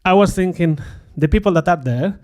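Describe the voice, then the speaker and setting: A man on a conference stage talks to the crowd with an open, self-mocking manner and laughs easily. His voice sits a little high for a man. He breaks into livelier voices when he repeats what others said. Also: a little fast, darkish tone. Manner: candid, self-deprecating, laughs often; acts out quoted remarks in a livelier voice. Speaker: conference speaker. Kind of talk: conference talk. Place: conference stage before an audience.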